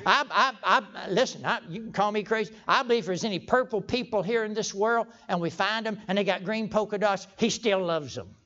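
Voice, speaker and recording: A man's voice: high-pitched, a little fast, hardly any pauses, sharp tone. An older man preaching a folksy sermon in a church, stumbling over restarts and breaking into sudden emphatic outbursts. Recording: dull lo-fi sermon recording.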